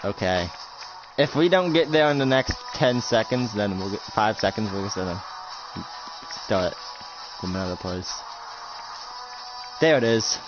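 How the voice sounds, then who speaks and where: A man's voice: lowish voice, unhurried, long pauses. A young man narrating a casual game roleplay, rambling with lots of fillers. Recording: lo-fi recording with music behind.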